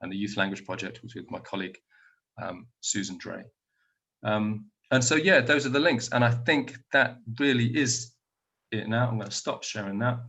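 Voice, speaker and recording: A man's voice: fairly low pitch, moderate pace, bright, forceful tone. A man speaking at an online conference, answering audience questions over a video call from home in a thoughtful, explanatory way.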